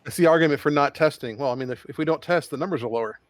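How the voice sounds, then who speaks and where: A man's voice: on the high side, very fast. A man in a casual podcast chat, explaining things in a matter-of-fact way.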